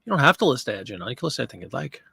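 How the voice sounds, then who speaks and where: A man's voice: mid-range voice, big pitch swings, rapid-fire, gravelly, bright, forceful tone, breathy edge, dry recording. A man hosting a live listing stream, chatting casually and answering viewer comments while he works. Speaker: live stream host listing items for sale.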